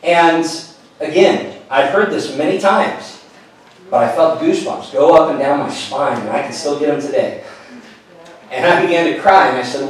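A middle-aged pastor telling a personal story in a sermon, earnest and storytelling, often falling to a hushed voice. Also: male voice, medium pitch, animated, moderate pace. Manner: earnest storytelling, drops to a hushed voice at tender moments. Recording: echoey hall, mic at a distance.

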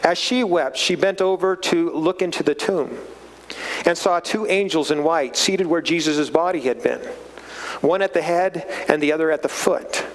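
A man giving a casual Bible study talk, animated, chuckling and often repeating words as he reads and explains. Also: fairly high pitch, moderate pace, rough recording. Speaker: Bible teacher.

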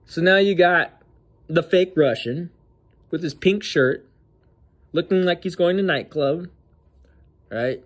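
A man's voice: fairly high pitch, slow, long pauses. A man hosting casual political commentary in a sneering, mocking and slangy way. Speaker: host.

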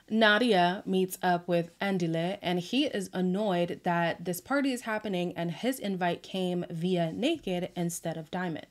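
A woman casually recapping a reality show with sassy, exasperated asides and laughs. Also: lowish voice. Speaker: recap vlogger.

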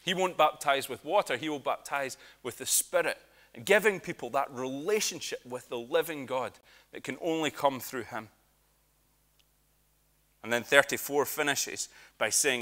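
Bright-voiced Scottish preacher. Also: male voice, medium pitch, moderate pace. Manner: lively storytelling with humour and asides. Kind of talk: sermon.

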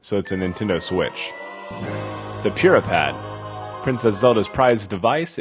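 A deep-voiced man talks through a video game in casual let's-play commentary, chatty and jokey as he wonders aloud about what he sees. Faint music plays underneath.

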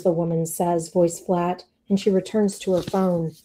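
Woman author reading her own fiction aloud, measured and expressive, mellow warm tone. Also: fairly low pitch. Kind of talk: literary reading.

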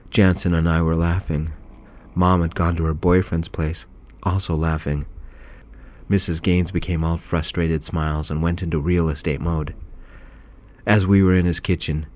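A man narrating a story in a calm, soft-spoken whispered role-play. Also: low voice.

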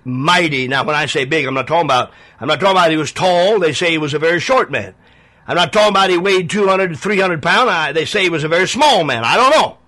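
A man preaching a sermon on the radio, pleading and emphatic, with dramatic pauses and big swings in his voice. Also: high-pitched, pushed and bright.

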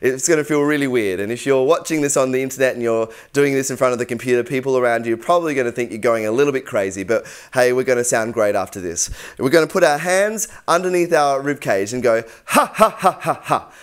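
A man's voice: mid-range voice, quick pace, hardly any pauses, clean tone. A young man teaching singing in an easygoing, encouraging way. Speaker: vocal coach. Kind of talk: instructional tutorial.

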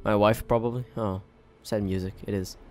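A young man giving excitable let's play commentary as a gaming channel host, laughing often and swearing freely. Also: on the low side, normal speed, soft background music.

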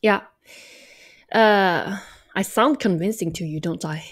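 Taking things slowly in a mid-range voice, a Norwegian vlogger chats in a rambling, ironic way. She comes across a little tired, drawling her words while joking and poking fun at herself.

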